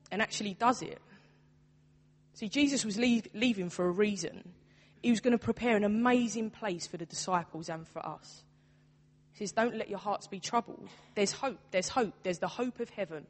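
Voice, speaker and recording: In a mid-range voice at a moderate pace, a young woman youth worker delivers an earnest, conversational sermon. The church hall setting gives her words a long, trailing reverb.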